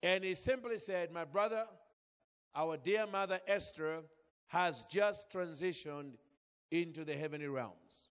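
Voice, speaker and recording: A man's voice: a little high, measured pace, in a large hall. A man from Zambia preaching a sermon, telling a personal story with feeling and calling out to the congregation. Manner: emotional storytelling, calls out to congregation.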